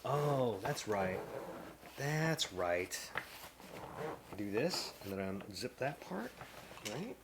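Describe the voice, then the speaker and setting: A man's voice: medium pitch, sing-song, very slow, long pauses, background noise. Self-mocking man muttering over his gear. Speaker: comedian and vlogger. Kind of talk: casual vlog narration while working. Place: hotel room.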